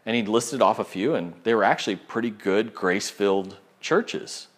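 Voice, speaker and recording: A man with a somewhat low voice tells a story from the pulpit. He is lively and animated, and he slips into the voices of the people in the story. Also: moderate pace. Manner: animated storyteller who acts out quoted people. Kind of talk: sermon storytelling.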